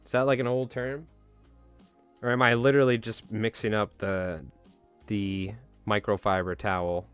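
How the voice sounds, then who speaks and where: A low-pitched man chats casually with his live chat, rambling and joking about himself. His voice is smooth and clear in a dry, close sound with faint music under it. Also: little pitch movement, normal speed, no room sound. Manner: rambling, self-mocking, joking. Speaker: streamer tying flies live.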